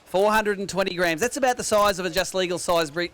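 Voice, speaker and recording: High-voiced Australian weigh-in host. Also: male voice, quick pace, fairly bright tone. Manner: jokey, matey, upbeat announcing. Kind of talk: casual tournament weigh-in banter. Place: outdoor fishing tournament weigh-in.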